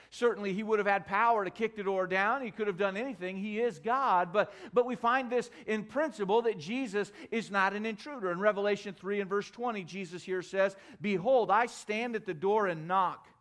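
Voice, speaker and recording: A man with a notably high voice preaching from the pulpit. He tells a homely story, then drives his points home with emphatic repetition. Middle-aged, a pastor in full sermon mode. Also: a bit bright.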